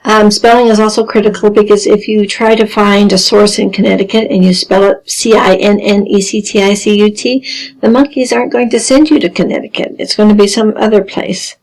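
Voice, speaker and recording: A woman teaching a genealogy lesson, explaining carefully with dry deadpan humor. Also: medium pitch, brisk, poor audio. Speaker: genealogy instructor. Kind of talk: recorded lesson over slides.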